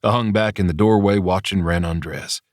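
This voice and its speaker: A man narrating a romance audiobook in the first person, even and unhurried. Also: deep voice, no room sound, studio quality.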